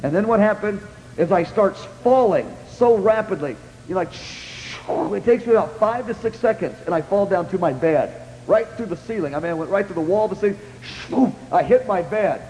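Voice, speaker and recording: A man preaching a sermon testimony, telling his story in an animated, repetitive way. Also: sits high, moderate pace, a little hiss or hum. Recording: long hall reverb, faint ambience.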